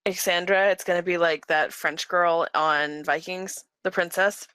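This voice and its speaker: A woman's voice: lowish voice, fairly even intonation, a little slow, background noise. A woman playing in a tabletop role-playing game, talking hesitantly and trailing off. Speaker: player.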